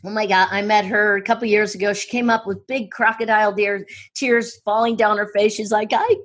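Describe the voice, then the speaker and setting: A woman speaking coach telling stories in an interview, excitable and full of quick restarts and asides. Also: medium pitch. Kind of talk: enthusiastic interview storytelling.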